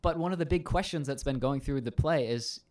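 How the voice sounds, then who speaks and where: A man's voice: mid-range voice, a little fast, darkish tone. A male teacher in a casual conversation, explaining at length in a thoughtful way with frequent ums and restarts.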